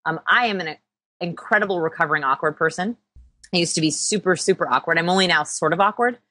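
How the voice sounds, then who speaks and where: A woman's voice: on the low side, fast, pushed and bright, no room sound. A woman guest in a conversational interview, explaining with upbeat energy and self-deprecating humor. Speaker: interview guest, people-skills researcher.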